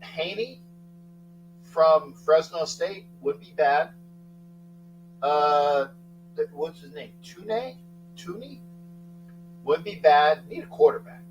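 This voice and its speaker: A middle-aged man hosting a casual sports talk livestream, rambling, thanking chatters by name and breaking into sudden loud outbursts. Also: on the high side, takes it slowly, long pauses, lo-fi sound, a little hiss or hum. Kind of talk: casual live chat with viewers.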